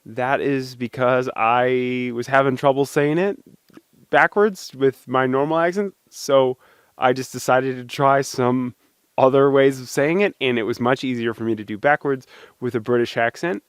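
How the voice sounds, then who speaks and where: A man's voice: mid-range voice, moderate pace, clean tone, no echo. Young male host, casual and playful, speaking into a dry, close mic. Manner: playful, chatty, thanks supporters by name. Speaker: video host. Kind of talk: casual talk to camera.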